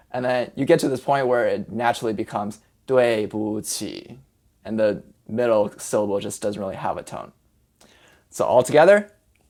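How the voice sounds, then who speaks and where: A language teacher giving a casual, friendly pronunciation lesson, slowly sounding out syllables step by step. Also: mid-range voice. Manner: casual and friendly, with fillers like "kind of" and "like".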